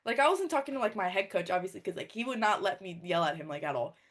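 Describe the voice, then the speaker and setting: Young woman, rapid speech, casual chat, animated storytelling, filler-heavy. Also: medium pitch. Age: young adult. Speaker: former college wrestler and coach. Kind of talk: casual conversation.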